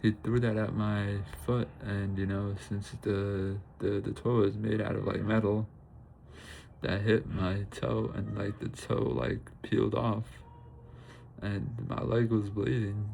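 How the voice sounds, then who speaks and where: A tearful young man speaks in a low, gravelly voice. His delivery stays flat and halting, and he keeps reaching for "you know" and "bro." It sounds like a raw confessional vlog. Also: a little hiss or hum, low-quality recording. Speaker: vlogger.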